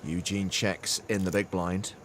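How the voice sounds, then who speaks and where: A man giving play-by-play commentary on a poker game in a lively, teasing way. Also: low-pitched, unhurried.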